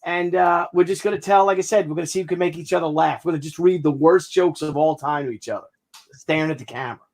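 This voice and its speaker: A man's voice: fairly high pitch, fast talker, darkish tone. A man who is a guest on a live talk stream, chatting casually with lots of ums and uhs. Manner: rambling with many fillers. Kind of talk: casual chat.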